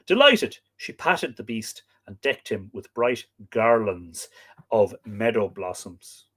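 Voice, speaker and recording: A man's voice: on the low side, takes it slowly, husky. A man hosting a live stream, reading old myths aloud, chatting with viewers and stopping to work out pronunciations.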